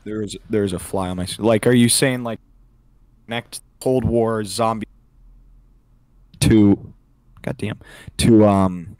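A man's voice: lowish voice, fairly even intonation, slow pace, long pauses, darkish tone, no echo. A young man co-hosting a podcast, talking crudely in casual chat with lots of fillers. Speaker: podcast co-host.

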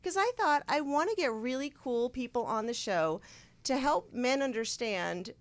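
A woman's voice: sits high, animated, normal speed. A young woman hosting a casual chat show, rambling through stories and laughing often. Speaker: show host.

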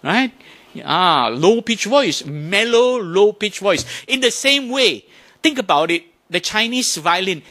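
A man giving a Buddhist dharma talk to an audience, animated, often asking questions and imitating sounds to make his points. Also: high-pitched, slow pace. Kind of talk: lively talk to a temple audience.

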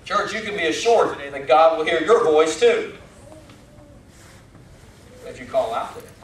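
Male pastor, high voice, chatty sermon style, echoey sanctuary recording. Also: animated, moderate pace, slight background noise. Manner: conversational, folksy, with rising emphatic questions. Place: church sanctuary. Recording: echoey church from far off.

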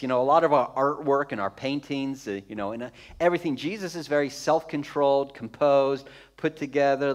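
A pastor preaches a sermon in a fairly high-pitched voice, conversational yet emphatic. He repeats phrases for effect and adds touches of humor.

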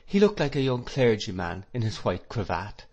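This is a fairly low-pitched man reading an audiobook script, his storytelling steady and measured.

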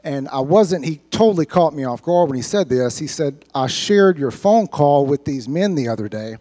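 A man's voice: a little high, expressive, moderate pace, dark tone. A man giving an earnest, heartfelt personal testimony to a church congregation, sometimes repeating words as he speaks. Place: church sanctuary.

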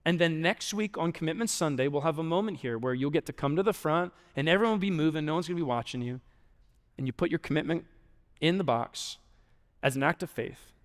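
A young adult male pastor giving an earnest, conversational sermon that drops quiet for emphasis. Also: fairly high pitch, a little fast. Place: large church auditorium. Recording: long hall reverb.

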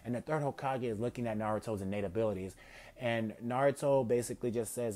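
Man narrating fan fiction, loose and rambling, average pitch. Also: fast talker, darkish tone. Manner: rambling, filler-heavy, self-correcting. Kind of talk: casual spoken retelling of a fan story.

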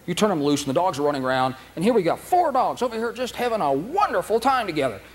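A man's voice: high voice, fast. Folksy man lecturing at a dog seminar. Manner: folksy, animated, acts out dogs' thoughts in silly voices. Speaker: dog training seminar instructor. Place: training seminar room. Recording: noisy old video tape of a seminar.

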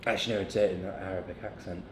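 A man's voice: sits low, fairly even intonation, racing, a little hiss or hum. A young man, a fitness coach, chatting casually in a vlog, joking and swearing freely. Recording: echoey room.

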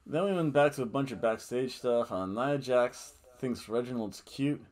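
A man talks through a wrestling show in a loose, rambling podcast chat. He gets animated and jokey, laughing at his own asides and booing in mock outrage. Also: medium pitch, moderate pace. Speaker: podcast host. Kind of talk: casual wrestling review chat.

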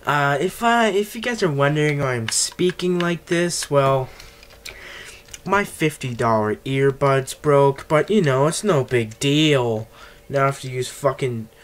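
A man's voice: mid-range voice, animated, unhurried, a little hiss or hum. Swearing, ranting gameplay commentator man. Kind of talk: casual game commentary. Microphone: cheap earbuds.

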